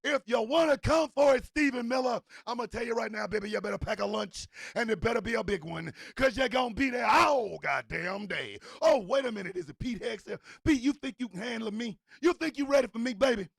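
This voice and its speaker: A man playing a boastful, trash-talking villain in a shouted wrestling-style promo. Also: very high-pitched, animated, a little fast, gravelly, few pauses, husky, no room sound, voice pushed up, full character voice. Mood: boastful shouting. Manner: shouted swaggering promo, taunting rivals. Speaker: host.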